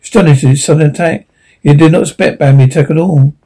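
A man narrates a storybook in a mellow, somewhat high voice. His reading is unpolished, with frequent restarts and small slips. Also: fairly even intonation, fast, husky, low-quality recording. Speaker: audiobook reader.

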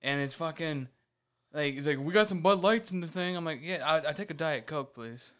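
A man in casual conversation with a slightly high, smooth voice. He tells his stories with lots of energy, swears freely, and acts out what other people said. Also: moderate pace. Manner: animated storytelling, swears often, acts out quotes. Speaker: podcast co-host. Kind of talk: casual chat.

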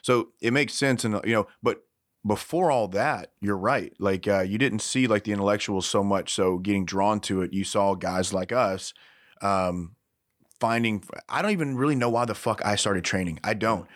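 A man's voice: lowish voice, moderate pace, no room sound, clean studio sound. A man from Louisiana with a Southern accent, co-hosting a casual podcast and telling rambling stories with plenty of swearing. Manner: rambling storyteller, swears freely. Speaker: podcast co-host.

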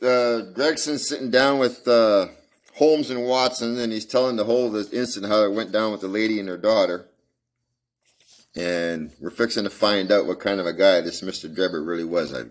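A man reading a story aloud and adding chatty, folksy remarks. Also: deep voice. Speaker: reader. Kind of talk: audiobook reading with casual asides.

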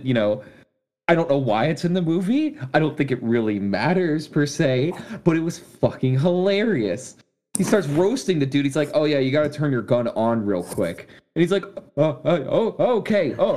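A man's voice: a little high, darkish tone. A man co-hosting a casual movie review podcast, teasing and swearing freely. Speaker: podcast co-host.

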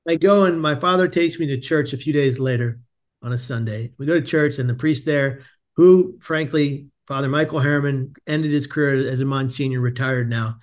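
A man in his forties, a podcast guest, tells a personal story in an animated way, laughing often and restarting sentences. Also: mid-range voice, normal speed.

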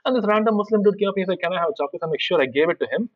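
A man, an activist guest telling blunt, animated stories in a casual interview. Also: high voice, rapid-fire, dull audio. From India.

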